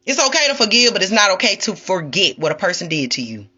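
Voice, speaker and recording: Woman, spiritual streamer, sassy and preachy, lively swooping delivery. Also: mid-range voice, fast, breathy edge, highs cut off. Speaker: spiritual livestreamer. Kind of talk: ranting livestream monologue.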